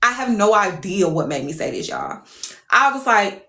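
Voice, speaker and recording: A woman's voice: medium pitch, big pitch swings, moderate pace, sharp tone, reverberant. A woman telling a story casually to her viewers, profane and exclamatory.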